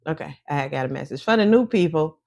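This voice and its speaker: A woman's voice: low voice, lively intonation, fairly quick, gravelly, warm tone, dry recording, dull audio. Folksy Chicago-Mississippi woman host. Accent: Chicago with Mississippi roots. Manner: folksy, chatty, calls viewers y'all. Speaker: vlog host. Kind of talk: casual chat to viewers.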